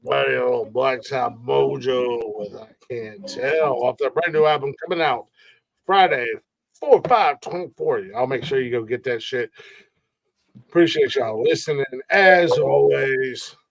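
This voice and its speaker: Man, podcast host, joking, swearing, stammering, mid-pitched voice. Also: a little slow, creaky, no echo. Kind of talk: casual podcast chat.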